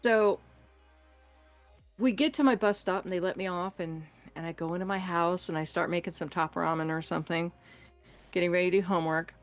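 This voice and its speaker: Woman, lower voice, animated storyteller, laughs often, faint music behind. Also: a little fast. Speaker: guest storyteller. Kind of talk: casual storytelling on a podcast.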